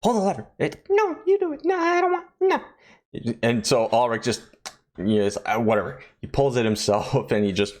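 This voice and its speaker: A man casually recapping a TV episode in a rambling, joking, profane way. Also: on the low side. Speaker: host of a horror-show review channel.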